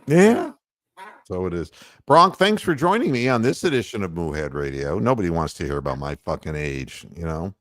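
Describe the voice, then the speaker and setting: A man's voice: deep voice, very animated, normal speed, dry recording, clean studio sound. An older man hosting a casual sports radio show, rambling and profane, poking fun at himself. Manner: rambling, profane, self-mocking.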